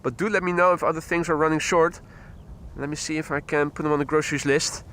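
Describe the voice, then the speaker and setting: Bright-voiced man hosting a live airport stream. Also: a little high, fairly even intonation, quick pace, a little hiss or hum. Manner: chatty, greets viewers by name, mixes in Dutch and German greetings. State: slightly stuffy nose. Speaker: plane spotting livestream host. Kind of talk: casual live commentary. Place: outdoors at an airport. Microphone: wireless clip-on mic on his t-shirt.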